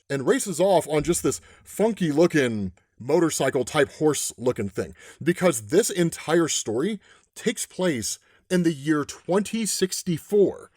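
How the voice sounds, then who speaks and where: Animated casual male storyteller. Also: fairly high pitch, measured pace, breathy edge, no room sound, clean studio sound. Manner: casual, with frequent "right?" and "like". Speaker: comic recap narrator.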